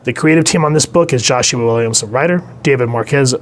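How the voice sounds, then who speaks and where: A man's voice: medium pitch, quick pace, a little hiss or hum. A young man casually reviewing a comic book, talking with enthusiasm and rambling on with fillers.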